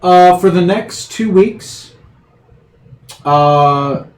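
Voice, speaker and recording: Game master, slightly high voice, roomy echo. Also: male voice, very slow, a little hiss or hum. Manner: loose, rambling explanations with frequent fillers. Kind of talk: running a tabletop game over a video call.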